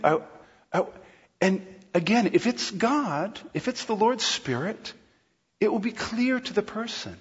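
A male pastor preaching a sermon in a large church hall, lively and playful, often acting out quotes. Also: high-pitched, unhurried, slightly rough. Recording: long hall reverb, dull sound.

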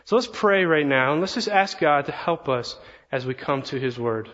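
A man preaching a sermon, earnest and animated, telling a story with quoted asides. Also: a little high, normal speed. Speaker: pastor. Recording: long reverb, slightly dull sound.

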